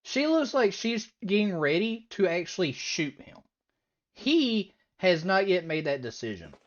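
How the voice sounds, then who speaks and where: A woman hosting a reaction video, giving animated, incredulous commentary. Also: fairly low pitch, unhurried, dull audio. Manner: animated, incredulous, breaks into laughter.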